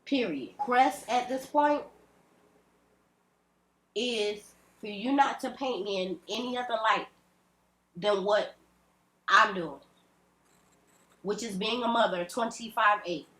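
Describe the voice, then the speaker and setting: A woman rants straight into the camera, blunt, emphatic and full of profanity. Her voice sits a little high and rings in an echoey room at home. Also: slow pace, pauses often, sharp tone. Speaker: vlogger. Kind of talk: ranting direct-to-camera vlog.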